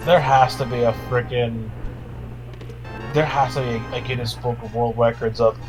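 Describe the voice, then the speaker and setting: A man's voice: medium pitch, level tone, moderate pace, poor audio. A man co-hosting a gaming chat, chiming in with short reactions and casual swearing. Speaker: let's play co-host. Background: faint game music.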